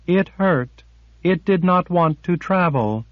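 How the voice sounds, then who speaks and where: A man voicing a timid, cold female creature made of quicksilver, speaking slowly and distantly in a storybook reading. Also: high-pitched, animated, no room sound, voice pushed up. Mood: hurt. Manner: slow, distant, wounded. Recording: dull lo-fi audiobook recording.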